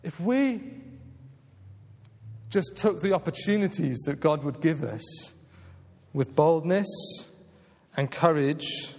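Earnest preacher in a reverberant hall. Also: male voice, on the high side, expressive, takes it slowly, vocal fry, long pauses, darkish tone, slight background noise. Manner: earnest, emphatic, repeats "just maybe" and "right?". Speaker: pastor. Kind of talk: sermon.

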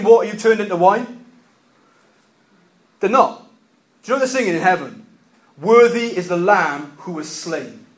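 A man preaching a sermon, emphatic, repeating key phrases and swinging between loud and quiet delivery. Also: sits high.

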